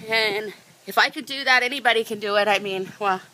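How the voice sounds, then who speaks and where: A woman's voice: medium pitch, a little fast, pushed and bright, poor audio. A woman vlogging right after a half marathon, talking in a heartfelt, rambling way and correcting herself, tired from the run, outdoors on a lookout spot. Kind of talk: emotional personal vlog.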